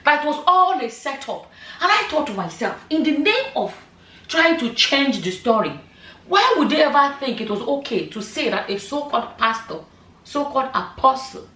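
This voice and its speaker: Middle-aged woman, vlog commentary, emphatic, rhetorical questions, slightly high voice, echoey room, distant mic. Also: sing-song, normal speed, sharp tone. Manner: emphatic, rhetorical questions, many "you know" asides. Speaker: vlogger.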